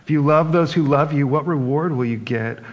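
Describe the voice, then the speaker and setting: A man's voice: on the high side, moderate pace. A man preaching a sermon in a conversational, reflective way, often adding "right?" and "like" as he talks. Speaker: pastor. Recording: dull, lo-fi sound with long reverb.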